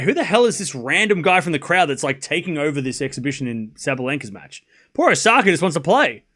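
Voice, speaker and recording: A man's voice: fairly high pitch, fairly bright tone. A man commentating a tennis match live on stream, chatty and incredulous, laughing often and talking to his chat.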